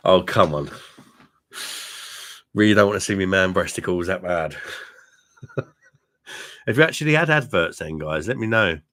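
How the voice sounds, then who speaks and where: Deep-voiced man, blunt and chatty. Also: animated, unhurried, long pauses, fairly bright tone. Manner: blunt, laughing, swears freely, addresses viewers as mate. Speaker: beer reviewer and live-stream host. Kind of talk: casual live-stream chat with viewers. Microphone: webcam mic.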